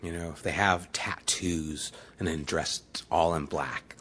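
A man's voice: low-pitched, steady tone, takes it slowly, fairly bright tone, husky. A man preaching a sermon as the pastor, retelling scripture in everyday, conversational words.

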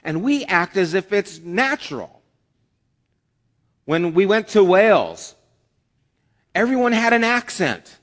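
A man's voice: high-pitched, very animated, takes it slowly, pauses often. A man preaching a conversational sermon as a pastor, with acted asides. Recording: long hall reverb.

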